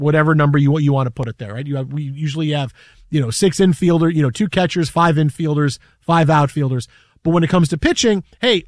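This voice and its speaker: A man's voice: high-pitched, dry recording, clean studio sound. A man co-hosting a sports radio show, talking casually and rambling with restarts and repeated words.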